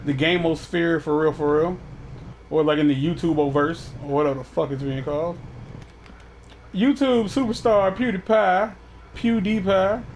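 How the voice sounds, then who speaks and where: A man's voice: fairly high pitch, normal speed, a little mellow, slight background noise. A man hosting a casual chat, talking in a profane, rambling way with many restarts. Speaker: podcast host.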